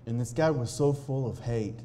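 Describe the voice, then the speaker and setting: A man telling a personal testimony to a live audience in an earnest, halting way, often restarting his sentences. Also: mid-range voice, mellow, a little hiss or hum. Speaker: speaker sharing a personal testimony.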